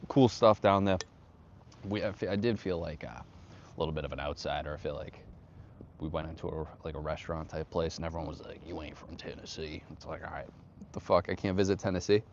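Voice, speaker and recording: A man's voice: low voice, vocal fry, darkish tone, muffled recording, slight background noise. A young man hosting a casual outdoor livestream, greeting viewers in laid-back slang. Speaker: livestream host. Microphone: phone on tripod.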